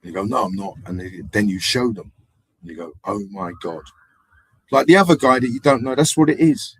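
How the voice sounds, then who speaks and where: A man hosting a live stream, telling rambling, animated anecdotes in casual street slang. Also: fairly low pitch, fairly quick, husky. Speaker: livestream host. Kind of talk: casual livestream storytelling.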